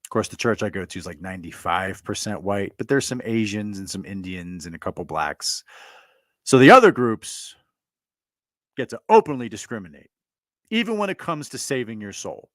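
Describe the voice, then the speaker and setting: A man's voice: fairly low pitch, big pitch swings, normal speed, a bit bright, dry recording, clean studio sound. A man bluntly retelling an argument in a monologue, stammering and repeating himself as he goes. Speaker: commentator telling a personal story. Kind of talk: monologue recounting a conversation.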